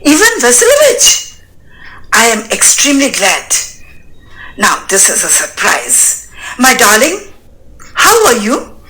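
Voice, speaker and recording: A woman's voice: a little high, huge pitch swings, slow pace, pauses often, bright, forceful tone, exaggerated voice, poor audio. A woman reading the part of a fussy older male landowner who gushes endearments and rambles on with "and so on," in a dramatic reading of a stage play. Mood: effusive.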